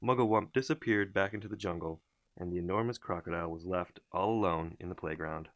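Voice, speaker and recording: A man reading a children's story aloud in an expressive, unhurried way. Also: deep voice, no room sound, studio quality. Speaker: storybook reader.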